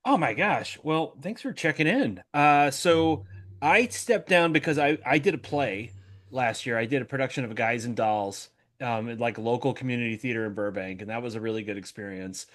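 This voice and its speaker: A man's voice: medium pitch, moderate pace. A man, a former co-host back as a guest, chatting casually and acting out the people in his stories. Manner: animated storyteller, acts out quotes. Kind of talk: casual chat.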